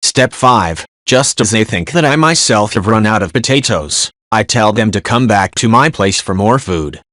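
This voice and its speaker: A man narrating online forum posts in a brisk, matter-of-fact reading style. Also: lowish voice, animated, a bit bright, no echo, clean studio sound.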